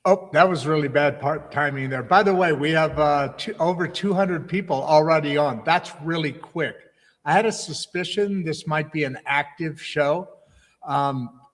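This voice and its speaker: Chatty male host, reverberant sound. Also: on the high side. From United States. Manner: chatty, stumbling restarts. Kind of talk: livestream interview.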